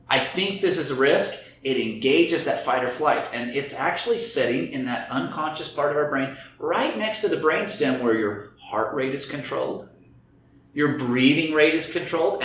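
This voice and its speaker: This speaker on stress and anxiety gives a lecture to a group, dramatizing inner voices in quoted lines. The audio has heavy echo and faint background noise, and his voice is medium in pitch with a fairly bright tone.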